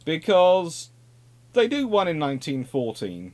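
Animated man giving a naval history lecture. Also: mid-range voice, a little fast. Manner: lively, conversational, with asides and repetitions.

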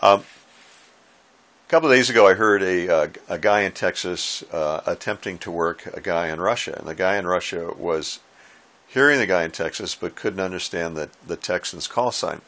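A man who runs ham radio, explaining its basics from his home radio room in a relaxed, folksy way with dry asides. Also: low voice, moderate pace. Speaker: ham radio operator and instructor. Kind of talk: casual how-to explainer.

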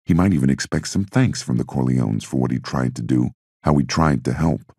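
Male audiobook narrator: steady reading, extremely low and raspy. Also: a little fast, no room sound, clean studio sound.

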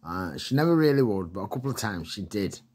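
Husky man telling stories. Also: fairly low pitch, very animated, fast, a little mellow. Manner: chatty, laughs often, frequent fillers. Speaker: vlogger. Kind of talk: casual rambling storytelling.

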